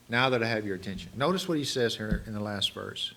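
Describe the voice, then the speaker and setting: An animated male preacher gives a sermon and often stops to ask the congregation rhetorical questions. His voice is bright and forceful. His pitch swings in a lively way from line to line. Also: normal speed, long pauses.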